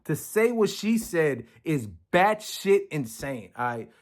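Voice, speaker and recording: A man's voice: on the high side, very animated, slow pace. A man giving casual reaction commentary on a video, blunt and profane, often acting out quoted lines. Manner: acts out other people's lines in quoted voices.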